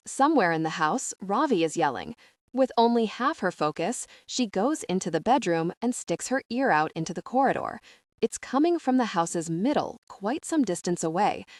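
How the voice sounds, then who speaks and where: A woman narrating an audiobook in a steady, expressive storytelling manner into a close mic. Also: medium pitch, dry recording. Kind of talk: scripted narration.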